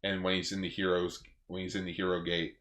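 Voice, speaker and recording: A man co-hosting a podcast in casual chat, talking in a relaxed, matter-of-fact way. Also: low-pitched, fast. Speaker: podcast co-host.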